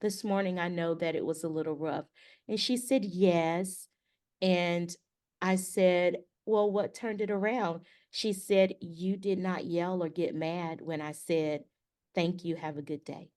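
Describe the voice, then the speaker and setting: A woman's voice: on the low side, steady tone, measured pace, a little mellow. A middle-aged woman co-hosting a podcast, telling a story casually and acting out the dialogue with animation. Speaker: podcast co-host.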